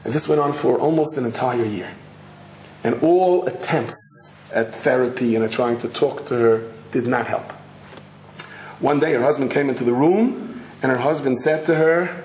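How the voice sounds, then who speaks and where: A rabbi telling a story in a sermon, animated and dramatic. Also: male voice, mid-range voice, moderate pace. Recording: echoey hall, faint noise.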